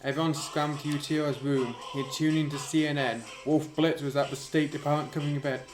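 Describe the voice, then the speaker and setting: Deadpan guy reading fanfic w snarky asides, monotone, echoey room, music under. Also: on the high side, quick pace. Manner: deadpan, stumbling over the text. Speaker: reader. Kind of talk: dry reading of fan fiction with sarcastic asides.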